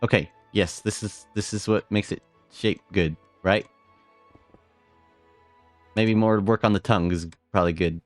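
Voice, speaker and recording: A man giving live gameplay commentary as a streamer, excitable, repeating short phrases and exclaiming often. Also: on the low side, unhurried, long pauses, dry recording, faint music behind. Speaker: game streamer.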